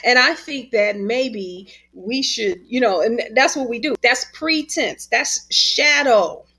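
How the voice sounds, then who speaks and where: An author and spiritual teacher chats casually on a video call, an expressive, lively storyteller who laughs a lot. She speaks slowly, her voice a little high with a breathy edge.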